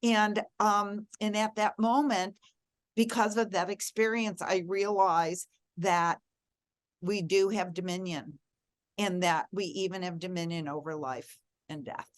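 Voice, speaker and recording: A woman's voice: medium pitch, steady tone, a little slow, no echo, clean studio sound. A middle-aged woman, a guest in an interview, telling a personal story in an earnest, reflective way and leaning on key words.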